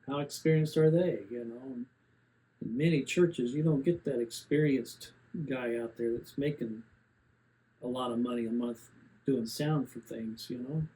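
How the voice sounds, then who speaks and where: A man's voice: mid-range voice, a little slow, mellow, low-quality recording. A man in his seventies rambling plainly through a casual gear review, with many fillers and restarts. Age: 70s.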